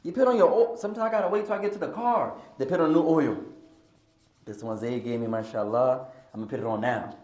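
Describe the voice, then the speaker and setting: A man's voice: mid-range voice, quick pace, darkish tone, roomy sound. A man teaching an Islamic studies class, switching between English and Arabic and joking with his students. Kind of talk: classroom lesson with humorous asides. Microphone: podcast recording of a class.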